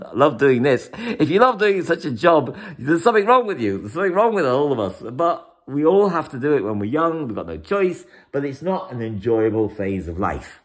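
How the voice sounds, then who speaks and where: A man giving a weekly astrology forecast as a rambling, animated monologue, repeating words for emphasis and chuckling now and then. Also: mid-range voice. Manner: breaks into chuckles.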